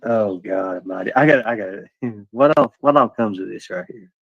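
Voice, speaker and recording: A middle-aged man with a gravelly, creaky voice, chatting casually while reacting to a video. He rambles, laughs often and swears a lot. The recording sounds dull and dry. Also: on the low side, normal speed, dry recording.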